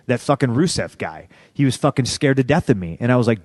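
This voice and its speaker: A man's voice: mid-range voice, animated, fast, darkish tone, dry recording. Profane, heated man telling a story. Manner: profane, heated retelling with acted-out quotes. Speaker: podcast guest. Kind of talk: casual storytelling in a podcast interview.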